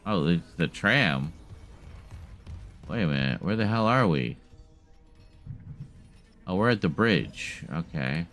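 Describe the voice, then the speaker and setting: A man's voice: low voice, animated, slow pace, pauses often, fairly bright tone, soft background music. A man giving casual, chatty live commentary as he streams a horror game, wry and laughing at himself, with light swearing. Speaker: gaming streamer.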